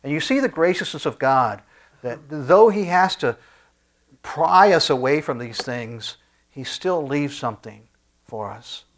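A man preaching a sermon in a conversational way, with frequent restarts and soft asides. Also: a little high, lively intonation, unhurried. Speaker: pastor.

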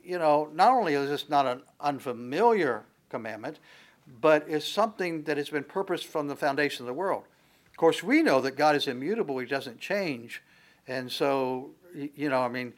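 A man preaching a sermon as a pastor, teaching verse by verse in a conversational way, with asides, restarts and the odd chuckle. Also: on the high side.

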